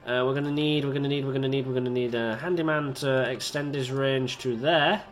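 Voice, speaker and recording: Playing a park-building game, this man rambles casually, pokes fun at himself, and chats with the tiny characters. He speaks a little fast in a mid-range voice with fairly even intonation.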